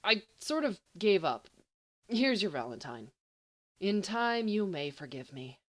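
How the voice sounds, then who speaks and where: Woman reader doing a bumbling schoolboy boyfriend, apologetic and bragging, lively delivery, amateur audiobook. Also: medium pitch, unhurried. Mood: nervous, apologetic. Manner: flustered then giddy boasting. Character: young male student, bumbling and boastful.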